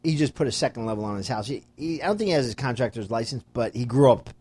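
A man in casual conversation, telling a lively anecdote and acting out the voices of the people in it. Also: medium pitch, quick pace, slightly rough. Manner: animated storyteller who acts out quoted voices. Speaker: friend telling a story. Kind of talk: casual chat.

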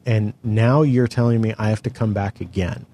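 A man's voice: on the low side, fairly even intonation, moderate pace, mellow. A middle-aged man from California telling a long story in casual chat, exasperated and full of profanity. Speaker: podcast co-host telling a story.

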